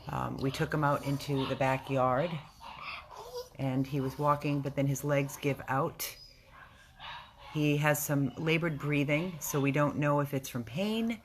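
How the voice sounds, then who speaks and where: A woman who volunteers with a dog rescue gives a casual video update from a rescue house. Her very deep voice comes out emotional and halting, with frequent restarts, over slight background noise.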